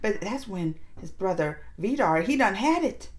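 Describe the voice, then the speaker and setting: A woman hosting a casual reaction video, excitedly retelling and commenting on scenes. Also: medium pitch, moderate pace. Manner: animated, excitable retelling with laughs and acted-out quotes.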